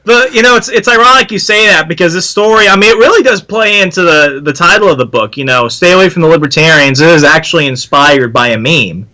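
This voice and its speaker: A man talking as a podcast guest, jokey and quick, now and then slipping into mock voices. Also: on the high side, sharp tone, poor audio. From Virginia. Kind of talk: casual podcast chat.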